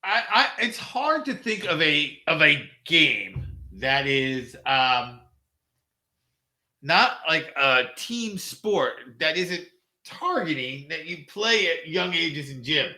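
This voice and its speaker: A man's voice: on the high side, very animated, slow pace, bright, forceful tone. A middle-aged man chatting casually as a podcast co-host, rambling and restarting his sentences. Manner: rambling, many fillers and restarts, laughs easily. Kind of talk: casual chat.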